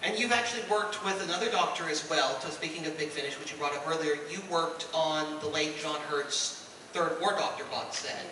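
A man's voice: a little high, brisk, sharp tone, slight background noise. A man moderating a panel, asking questions in a chatty way with self-deprecating asides. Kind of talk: interview questions. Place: convention hall on stage. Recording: echoey hall from far off.

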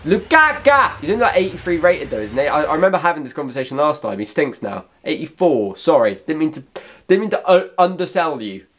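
A young man commentating on his own gameplay, talking to viewers in an excitable, chatty way and shouting at big moments. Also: a little high, a little fast. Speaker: gaming YouTuber.

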